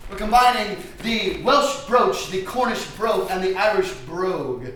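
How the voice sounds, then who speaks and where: Man playing a grandiose acting teacher, high voice, roomy distant sound. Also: moderate pace, bright, forceful tone. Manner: grandiose, theatrical lecturing. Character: pompous self-important male acting guru.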